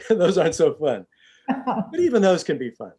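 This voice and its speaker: A man's voice: high voice, sing-song, measured pace, warm tone, husky. A man, a stage actor, chatting in an interview over a video call, self-deprecating and full of restarts. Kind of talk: casual interview chat.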